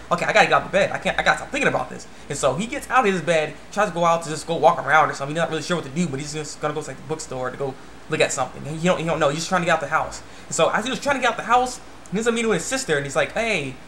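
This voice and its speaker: A young man with a somewhat high voice recaps an episode in a loose, rambling way. He stacks up fillers and keeps retelling scenes with "he's like". A faint hiss sits under the recording. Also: rapid-fire, fairly bright tone. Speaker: anime reviewer.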